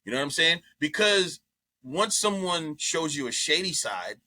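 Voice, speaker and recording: A man on a podcast telling a story in a loose, profane way, acting out what people said. His voice is bright and forceful, and it sits a little high for a man. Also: normal speed. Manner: animated, profane, acts out quotes in voices. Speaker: comedian guest. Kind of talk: casual storytelling chat.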